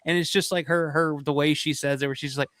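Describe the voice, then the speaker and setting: A man's voice: a little high, fairly even intonation, fast talker, fairly bright tone, no room sound, studio quality. A man hosting a live stream, chatting casually and swearing freely. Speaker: host.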